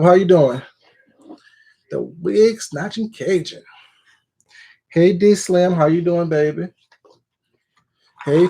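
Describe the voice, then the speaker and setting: A man's voice: on the high side, darkish tone. A man hosting a casual livestream, greeting viewers one by one by name in a familiar, chatty way. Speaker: livestream host.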